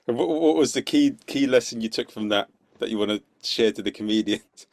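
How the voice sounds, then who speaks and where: A man's voice: mid-range voice, normal speed, dry recording. Podcast host man asking a question. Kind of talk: interview question.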